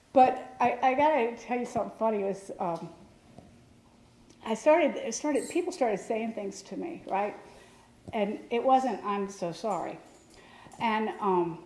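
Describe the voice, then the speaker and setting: A woman speaking at a church gathering, talking about loss with wry, self-mocking humor and halting restarts. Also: on the high side, darkish tone. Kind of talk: personal talk mixing humor and grief. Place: church hall. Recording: echoey hall.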